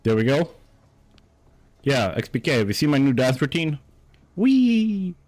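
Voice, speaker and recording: A man's voice: medium pitch, moderate pace. A man live-streaming a game from a room at home, chatting casually and rambling while he tests and moves his desk mic. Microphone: desk mic, moved around while talking.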